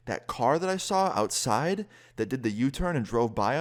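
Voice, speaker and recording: A young man casually telling a personal story as a vlogger, lively and quick, with some swearing. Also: medium pitch. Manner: lively, fast-paced retelling with swearing.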